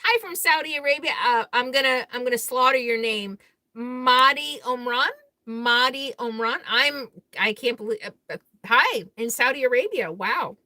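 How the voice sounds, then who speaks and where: A woman with a somewhat high, bright voice chats casually on a live stream, answering viewer comments one after another. She is candid and blunt, and she laughs easily between thoughts. The sound is dry and close, with no room echo. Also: expressive, moderate pace. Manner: blunt and outspoken. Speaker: RV vlogger hosting a live Q&A.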